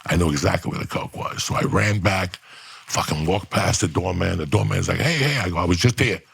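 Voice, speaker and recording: Gravelly low-voiced man telling a story. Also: fairly quick, fairly bright tone. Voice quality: gravelly, husky. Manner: profane, acts out voices of people in the story. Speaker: podcast guest storyteller. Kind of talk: animated storytelling.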